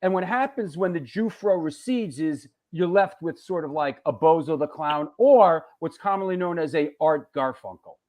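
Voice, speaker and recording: A man from New York hosts a live stream, reading viewer comments aloud and tossing out profane jokes. His voice sits high and swings widely in pitch as he greets people. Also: moderate pace, few pauses. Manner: animated, profane, joking shout-outs. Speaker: host of a live show.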